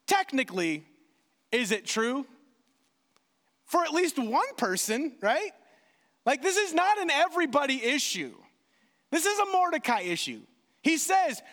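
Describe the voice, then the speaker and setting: A man preaches with a high, animated voice that leaps up and down as he acts out little exchanges. His delivery is lively and expressive. The sound carries the long reverb of a large hall. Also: normal speed. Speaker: pastor. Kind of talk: sermon.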